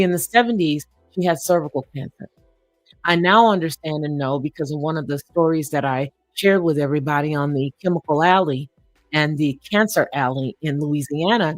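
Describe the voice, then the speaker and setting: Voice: medium pitch, no room sound. A live-stream host telling a personal story in a reflective way, often chuckling and using fillers.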